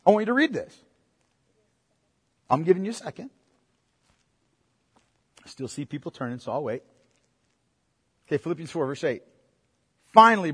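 A male pastor preaches a sermon in a church sanctuary, emphatic and firing rhetorical questions at the congregation. His voice is high-pitched and slightly rough, with long reverb from the large hall.

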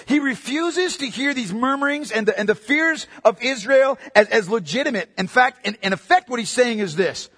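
A man preaching a sermon in an emphatic way, swinging from loud to quiet. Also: extremely high pitch, lively intonation, normal speed, few pauses, in a large hall. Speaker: pastor.

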